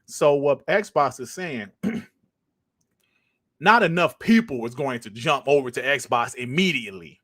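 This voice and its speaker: A man's voice: mid-range voice, expressive, a little slow, long pauses, pushed and bright, dry recording, studio quality. A man hosting a podcast, ranting casually and emphatically, swearing and repeating points for stress. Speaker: podcast host.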